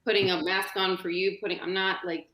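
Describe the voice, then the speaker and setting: A woman's voice: lowish voice, little pitch movement, brisk, muffled recording. A woman talks frankly and bluntly as a podcast guest, with some swearing mixed in. Her voice carries a roomy echo. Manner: frank, outspoken, swears freely. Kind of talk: casual group podcast chat.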